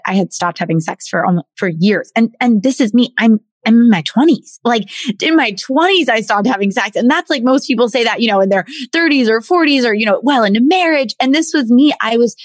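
A woman coach telling her personal story in an interview, earnest and animated, often repeating and restarting words. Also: mid-range voice, no room sound. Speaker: guest, women's coach. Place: in Bali.

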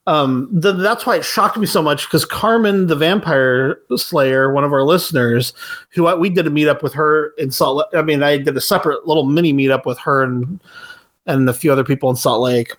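A man's voice: a little high, brisk, fairly bright tone. A man hosting a casual podcast, chatting and telling anecdotes. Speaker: podcast host. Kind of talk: casual chat.

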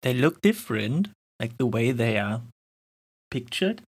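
Husky man wondering aloud, hesitant. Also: medium pitch, sing-song, unhurried. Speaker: player. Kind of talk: playing a tabletop game.

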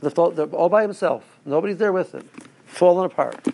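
A man's voice: a little high, moderate pace, gravelly, darkish tone, slight background noise. A man, a rabbi, giving a rambling Torah talk to his listeners with stories and asides. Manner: rambling, restarts, storytelling asides.

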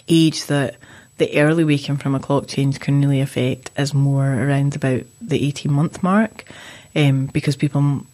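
A woman's voice: rumbling low, dark tone. A woman sleep consultant in a casual podcast chat, giving matter-of-fact, reassuring advice.

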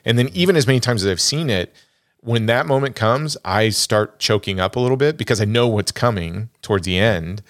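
A man's voice: medium pitch, expressive, a little fast, dry recording, studio quality. A man chatting casually as a podcast co-host about films, telling stories with emotion and animation. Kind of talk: casual film discussion.

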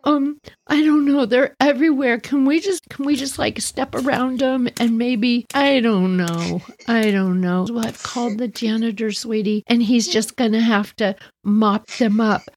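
A woman's voice: on the high side, fairly even intonation, measured pace, few pauses, a little mellow. A woman voicing a flustered, kind teacher who talks in a soothing, stammering way.

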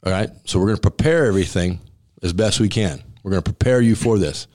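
A man with a very low, deep voice tells stories in a relaxed interview. He talks bluntly and with emphasis, and he acts out the conversations he describes. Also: quick pace. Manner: emphatic and blunt, acting out dialogue with laughs. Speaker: restaurant owner and former college football center. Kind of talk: casual storytelling interview.

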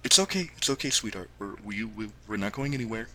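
A man's voice: on the low side, fairly bright tone, slight background noise, lightly acted. A man voicing a flustered father in a tabletop game, stammering as he soothes his daughter. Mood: soothing, flustered. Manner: stammering, halting reassurance.

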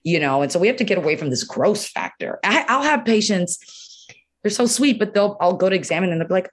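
A woman's voice: mid-range voice, animated, quick pace. A woman urologist speaking as a guest in an interview, talking frankly and animatedly, full of "you know" and acted-out quotes. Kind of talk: candid conversational interview.

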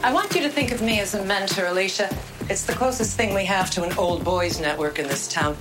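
An older actress playing a tough, poised senior woman law partner who mentors in a measured, firm way, from a TV drama clip. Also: medium pitch, natural voice. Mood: mentoring. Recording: drama clip with music underneath.

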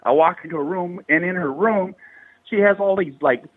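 A man's voice: high-pitched, normal speed, husky, no room sound, narrow, tinny audio. A man in his thirties from the Bay Area, telling a paranormal story in slangy, profanity-heavy casual talk. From Bay Area, California. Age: 30s. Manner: heavy swearing, slangy and animated.

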